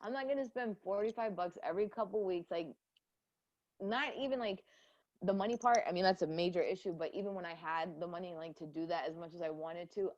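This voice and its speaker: A woman's voice: on the low side, brisk, darkish tone, muffled recording. A young woman co-hosting a podcast in casual chat, blunt and profane, laughing often. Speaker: podcast co-host.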